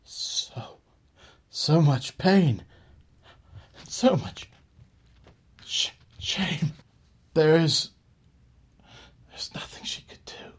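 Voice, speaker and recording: A man voicing a gentle male healer monk who speaks in a hushed, halting, breathy way. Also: fairly high pitch, lively intonation, pitched above the performer's own voice, heavily acted. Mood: anguished.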